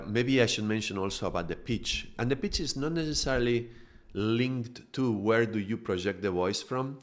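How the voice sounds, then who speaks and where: A male yoga teacher giving a live spiritual talk, explaining calmly and demonstrating points with his own voice. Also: fairly low pitch.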